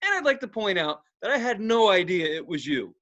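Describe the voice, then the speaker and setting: A man's voice: high voice, big pitch swings, fairly quick, fairly bright tone. A man on a podcast telling a rowdy story in casual chat, swearing freely and acting out the voices in his quotes. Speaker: podcast co-host.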